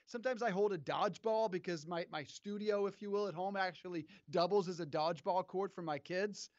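A man cracking dry, mock-serious jokes on a podcast from his home studio. His voice is high-pitched. The sound is very dry and dull, with a lo-fi edge. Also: fairly quick, no echo. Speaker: podcast co-host. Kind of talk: casual sports podcast banter.

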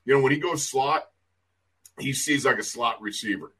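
Husky-voiced storytelling podcast co-host. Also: male voice, mid-range voice, moderate pace, sharp tone. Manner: storytelling, laughing, emphatic. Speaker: co-host, former player. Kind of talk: casual podcast chat.

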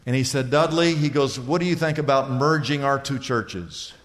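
A man preaching a sermon as pastor, telling a story with lively delivery and acting out the people he quotes. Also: medium pitch, normal speed, in a large hall. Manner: animated storytelling, voicing other people in anecdotes.

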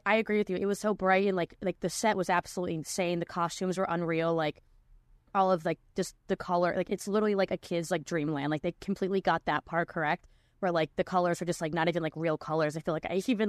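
A woman's voice: lowish voice, no room sound, clean studio sound. Chatty young woman hosting a podcast. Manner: chatty, lots of "like" fillers. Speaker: podcast host. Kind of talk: casual chat.

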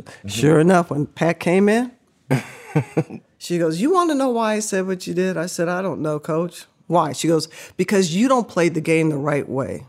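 An older woman and former basketball player telling stories as a podcast guest, animated and laughing, acting out what people said. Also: fairly low pitch, normal speed. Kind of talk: casual storytelling interview.

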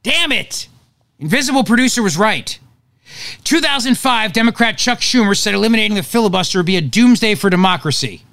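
A male radio host with a lively, swinging delivery, pitched a touch high, mocking and joking as he runs through the news. The sound is dry and close, with no room around it. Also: a little fast, no room sound. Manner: sarcastic, animated, jokey asides. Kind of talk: opinionated talk radio monologue.

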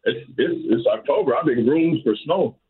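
A man's voice: a little high, lively intonation, moderate pace, slightly rough. A man calling in as a guest reporter, chatting casually and calling everyone "man". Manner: easygoing, says "man" a lot. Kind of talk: casual phone-in chat. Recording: tinny phone line with faint noise.

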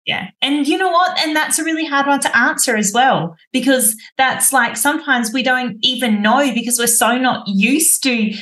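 A woman host with a bright, forceful voice chats reflectively, agreeing readily and building on her guest's points. The room around her rings with a clear echo. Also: high voice, normal speed, hardly any pauses. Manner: agreeable, reflective, lots of affirming "yeah". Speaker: podcast host. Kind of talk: casual podcast conversation. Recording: roomy echo.

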